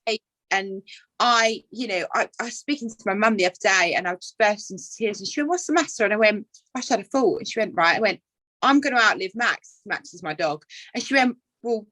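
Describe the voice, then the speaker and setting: A woman's voice: medium pitch, fast, sharp tone, dry recording, low-quality recording. A young woman, a podcast guest, talking in a chatty, open way about her life. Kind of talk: casual chat.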